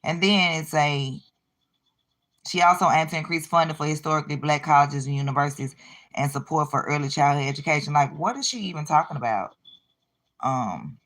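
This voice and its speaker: Low-voiced woman mocking news clips. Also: a little fast, fairly bright tone. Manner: sarcastic, talks back to the clips. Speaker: reaction video host. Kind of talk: casual commentary on news clips.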